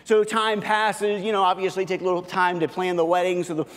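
A male pastor delivering a relaxed, chatty sermon in a large church, his slightly raised voice trailing a long reverb off the walls. He talks informally with lots of little fillers and restarts and slips into playing both sides of everyday conversations. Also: high voice, fairly quick. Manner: informal, heavy on fillers, acts out everyday dialogue.

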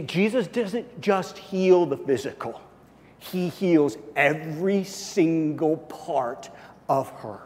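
A male pastor delivers a sermon with dynamic swings, climbing into loud, high outbursts and then dropping to low, hushed lines. His voice sits a little above the usual male range. Long reverb from the church hall trails after his words.

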